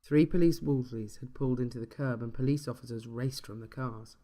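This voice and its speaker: A man reading a dark short story aloud in a steady, measured storytelling manner. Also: medium pitch. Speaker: narrator.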